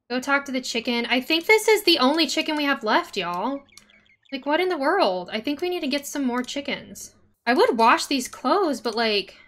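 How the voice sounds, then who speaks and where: A woman's voice: a little high, bright, forceful tone. A woman streaming a life-sim game, chatting casually and talking to the characters with dramatic outbursts. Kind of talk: casual gameplay commentary.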